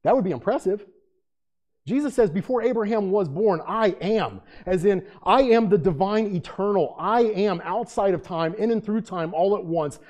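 A man preaching a sermon in a conversational way, reading scripture aloud with loud emphasis. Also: sits high, moderate pace. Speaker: pastor.

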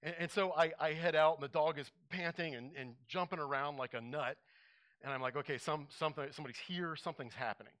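A male pastor delivering a sermon, telling an animated story and acting out his own reactions. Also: medium pitch.

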